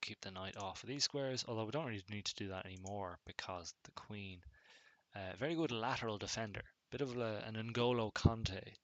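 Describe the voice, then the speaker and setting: A man casually commentating on his own chess game, thinking aloud in a relaxed, musing way. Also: fairly low pitch, moderate pace, no room sound, dull audio. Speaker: chess streamer.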